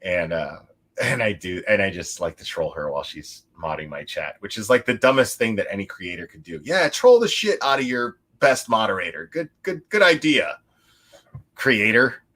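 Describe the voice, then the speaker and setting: A man's voice: fairly low pitch, big pitch swings, brisk, fairly bright tone. A man hosting a livestream, chatting casually and a little tipsy, rambling with lots of restarts, laughs and swearing. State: tipsy from drinking. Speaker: livestream host.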